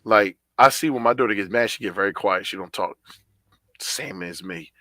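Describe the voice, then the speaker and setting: A man's voice: on the low side, normal speed, bright, forceful tone, no echo. A man co-hosting a podcast, talking in a laid-back, slangy, conversational way. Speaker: podcast co-host.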